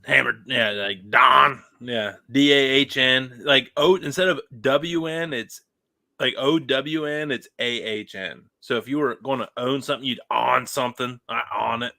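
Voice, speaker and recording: Slow, laid-back wisecracking man. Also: medium pitch, bright, forceful tone. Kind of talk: casual podcast chat.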